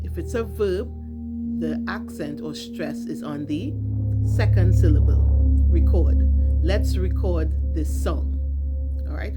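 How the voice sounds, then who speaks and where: A low-voiced woman teaching an English vocabulary lesson. She speaks slowly and clearly and stresses her words with care. Loud music plays behind her. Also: muffled recording.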